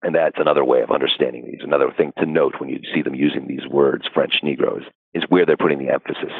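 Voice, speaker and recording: A man with a very deep, gravelly, husky voice answers interview questions in a thoughtful, explanatory way, pausing with fillers. His voice comes over a thin, phone-like line with no room echo. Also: steady tone. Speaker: historian guest. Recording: dry, phone-like audio.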